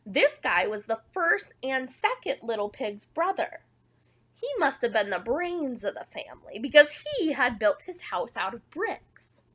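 Woman, storybook read-aloud, playful, expressive, high voice, slow unhurried pace. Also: slightly rough. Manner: expressive, playful, conversational asides. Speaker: storybook reader. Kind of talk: reading a picture book aloud as the wolf.

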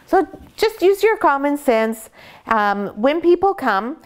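A woman dog breeder calmly explaining puppy care, gently praising the dogs as she goes. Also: sits high, takes it slowly. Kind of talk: instructional puppy-care talk.

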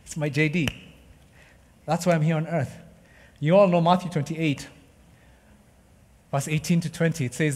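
A man's voice: fairly high pitch, fairly even intonation, normal speed, long pauses, a little mellow, in a large hall. A man preaching a passionate, emphatic sermon to his congregation, often calling them "guys". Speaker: pastor. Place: church hall.

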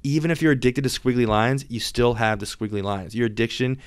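A man's voice: medium pitch, a little fast, clear, resonant tone. A man hosting an informal screen-share explainer, talking emphatically and reassuringly, often repeating and restarting his words. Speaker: software company host.

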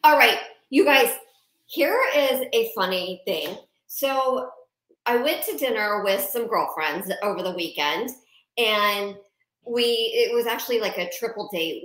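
Woman host, chatty live stream, slightly high voice, echoey room. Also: fairly bright tone. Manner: chatty, addresses viewers directly. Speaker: host of a live video show. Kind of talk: casual live-stream chat. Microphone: video call. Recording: echoey room on a video call.

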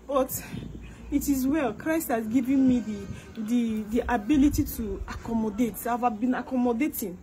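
Pleading Nigerian woman, high voice. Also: normal speed. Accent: Nigerian, Igbo-inflected English. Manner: pleading, begging, repeating herself; mixes English with Igbo. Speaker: skit performer. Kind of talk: comedic skit monologue.

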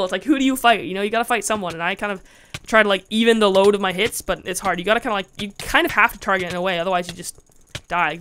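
A woman's voice: medium pitch, a bit bright, a little hiss or hum. A woman giving casual, giggly commentary while playing a game and talking to her chat, squealing when she is attacked. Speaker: Minecraft let's-play gamer.

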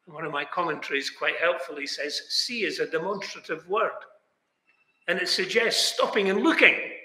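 At a moderate pace, this slightly high, pushed, bright male voice carries an emphatic sermon. He talks straight to his audience and asks rhetorical questions, all within a chapel's long, echoey reverb.

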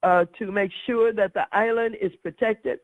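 Older woman, slow and effusive. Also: on the high side, fairly even intonation, dry recording, narrow, tinny audio. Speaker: member of Congress on a call.

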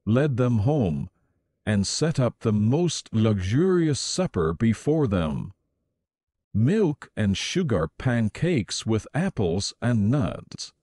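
A man reading a fairy tale aloud in calm storybook narration, slow and even. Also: on the low side, no echo, clean studio sound.

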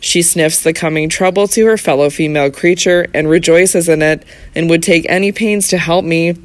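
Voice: medium pitch, steady tone, moderate pace, no echo, lightly acted. An audiobook narrator voicing a young male barrister who questions people politely and formally. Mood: probing.

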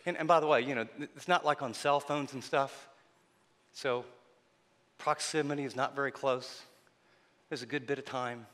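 A man preaching a sermon, telling the story dramatically and swinging between loud passages and hushed ones. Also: medium pitch, fairly even intonation, normal speed, pauses often, in a large hall. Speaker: pastor.

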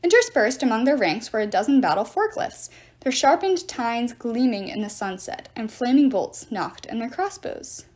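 A woman reading a novel chapter aloud with expressive storytelling. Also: a little high, moderate pace. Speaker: reader.

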